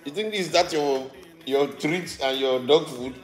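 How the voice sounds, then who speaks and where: Nigerian man, co-host, teasing and animated, bouncy slightly high voice in an echoey room. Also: normal speed, soft background music. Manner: animated, teasing, laughing often. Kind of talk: casual mealtime chat on camera. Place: home room with a dog about.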